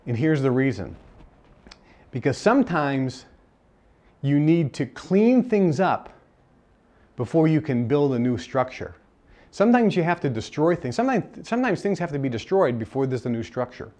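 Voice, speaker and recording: A man with a fairly high voice lectures a live seminar audience. He speaks emphatically and repeats his main points for effect. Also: big pitch swings, moderate pace, long pauses, dark tone. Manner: emphatic, repeats key phrases, acts out dialogue.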